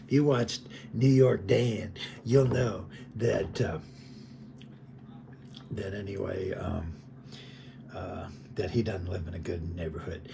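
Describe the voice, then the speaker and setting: A man's voice: low-pitched, fairly even intonation, slow, gravelly, long pauses, noisy background. A man talking casually and rambling, chuckling as he comments on other creators' videos. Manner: rambling, chuckling, heavy on fillers. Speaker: commentary vlogger.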